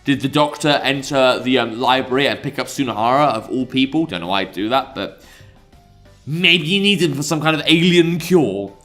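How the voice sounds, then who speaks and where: A man's voice: mid-range voice, moderate pace, a bit bright, soft background music. A young man doing rambling, jokey, self-mocking let's play commentary as a YouTuber.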